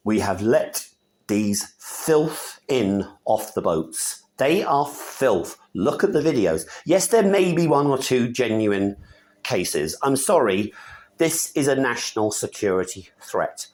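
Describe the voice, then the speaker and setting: A man from Britain delivering an angry opinion rant to camera, emphatic, with quick muttered asides. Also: sing-song, a little mellow. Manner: indignant, emphatic, with sudden pitch jumps and quick muttered asides. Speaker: video commentator.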